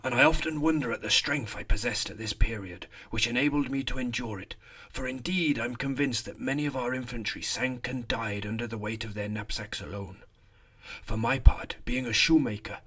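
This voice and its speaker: A man voicing a weary rifleman recalling his march, in a put-on rustic accent and a slow, toiling delivery. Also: mid-range voice, pushed and bright, husky.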